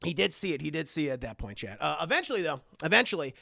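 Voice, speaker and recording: A man on a live stream retells a horror film in a profane, animated way and acts out every scene. His voice is gravelly and bright, and his pitch swings widely. The sound is close and dry, with no room around it. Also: racing, dry recording. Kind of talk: casual livestream chat.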